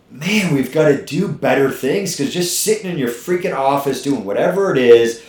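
A man's voice: mid-range voice, big pitch swings, normal speed, few pauses, a little mellow. A middle-aged man hosting a podcast as a gym owner, talking bluntly and profanely in a fired-up motivational way. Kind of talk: casual podcast chat. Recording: echoey room.

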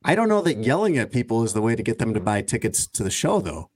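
A man's voice: mid-range voice, very animated, quick pace. A man hosting a radio talk show, rambling and teasing his co-hosts in casual chat. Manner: rambling, teasing, meandering asides.

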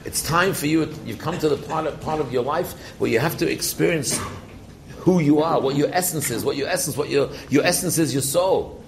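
A man with a somewhat high, gravelly voice gives an informal Torah talk to young students. He repeats key phrases for emphasis and asks questions that he answers himself. A faint hiss of background noise sits under the voice. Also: moderate pace, poor audio. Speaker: rabbi teaching students.

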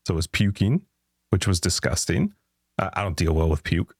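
A man's voice: low voice, lively intonation, moderate pace, vocal fry, a little mellow, husky, dry recording, studio quality. A man hosting a podcast, telling rambling anecdotes in casual chat and laughing often. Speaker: podcast host.

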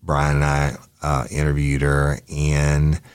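A man with an extremely deep voice reads an interview transcript aloud. A police detective, he delivers it in a matter-of-fact, deadpan way. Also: takes it slowly, clear, resonant tone.

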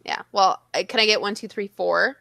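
A woman co-hosting a podcast in casual chat, playful and laughing often, mimicking others in high voices. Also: steady tone, normal speed, creaky, pushed and bright, no echo. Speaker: podcast co-host.

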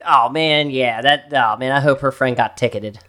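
A man's voice: medium pitch, normal speed, sharp tone. A man co-hosting a crude comedy podcast, making sarcastic jokey asides. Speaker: podcast co-host. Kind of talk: casual crude comedy chat.

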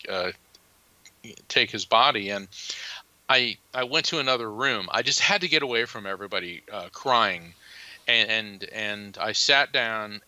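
A man being interviewed as a psychic medium, telling a personal story in an earnest, halting way, with many restarts and fillers. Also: medium pitch, pushed and bright, no room sound, poor audio.

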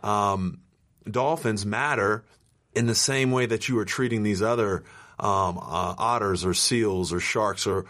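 A man hosting an interview podcast, explaining his point in a measured, thoughtful way. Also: lowish voice, fairly bright tone. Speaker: podcast host. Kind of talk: casual conversation.

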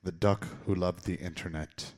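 A man performing a comic slam poem live, theatrical, swinging from loud outbursts to low mutters. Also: steady tone, normal speed, a little hiss or hum. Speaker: slam poet.

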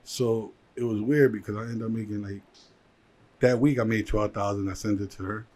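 A man, a jeweler and entrepreneur, telling his life story in a casual interview, animated and full of "like" fillers. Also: fairly low pitch, moderate pace.

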